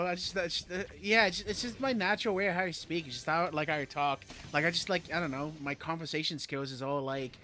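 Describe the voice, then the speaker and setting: A man in his thirties chatting casually while streaming a game, rambling and excitable, swearing and filling with lots of "like". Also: on the high side, a little hiss or hum. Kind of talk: casual gaming stream chat.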